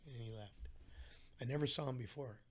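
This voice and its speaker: A middle-aged man appears as a podcast guest, recounting his story in a casual interview with animation and acting out the voices of the people involved. His voice is mid-range and a little fast.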